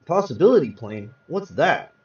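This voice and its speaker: A man's voice: on the high side, big pitch swings, moderate pace, a little mellow. A man reading aloud, voicing a young husband frantic with grief in a hospital, with pleading, panicked outbursts. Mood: bewildered. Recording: roomy, distant, dull sound.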